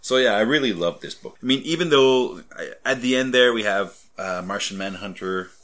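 A man's voice: lowish voice, expressive, fairly quick, fairly bright tone. A man in casual, rambling conversation about comics, often laughing. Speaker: podcast co-host.

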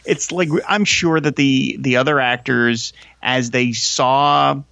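A man's voice: medium pitch, slow, gravelly, no room sound, dull audio. A man guesting on a podcast in casual chat, restarting phrases and acting out lines he quotes. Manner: thoughtful, stammering restarts, lively quoting.

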